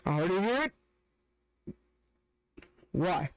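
A man's voice: sits high, lively intonation, slow, faint music behind, rough recording. A young man hosting a reaction video, joking and ranting in casual, rambling commentary. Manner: joking, rants with restarts.

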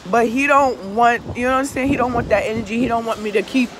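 A woman's voice: fairly high pitch, quick pace. A woman pours out a casual, confessional monologue full of swearing and emphatic repeats. She keeps turning to the listener for agreement. A faint hum of traffic hangs in the background of the outdoor recording. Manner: profane, emphatic, keeps asking "you understand?". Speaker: tarot reader and vlogger.

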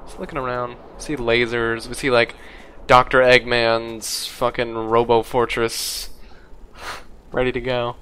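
A man talks through his gameplay in a loose, wry, rambling way. Gunfire and game noise crackle clearly behind his voice, and his pitch sits mid-range. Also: flat delivery, a little slow, fairly bright tone. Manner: wry, rambling, puts on silly voices for enemies. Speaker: gameplay commentator. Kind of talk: casual let's play commentary. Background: gunfire and game sounds.

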